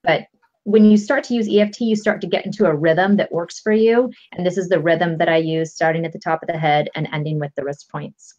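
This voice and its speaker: A guest EFT coach explains things calmly and patiently, step by step, in a low voice at a fairly quick pace. The recording is lo-fi and dull.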